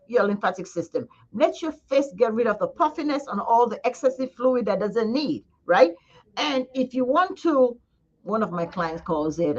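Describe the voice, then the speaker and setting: A woman esthetician giving a casual live demonstration, chatty and coaxing, talking straight to her viewers. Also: fairly high pitch. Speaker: esthetician demonstrating face massage. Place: skincare studio. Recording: slightly dull lo-fi sound.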